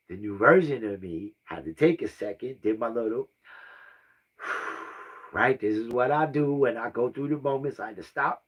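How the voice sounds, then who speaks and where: This man's voice is medium-pitched, fairly bright and a bit rough. A vlogger in his fifties, he recounts a family story in a rambling, repetitive way, sighing often and checking in with "right?"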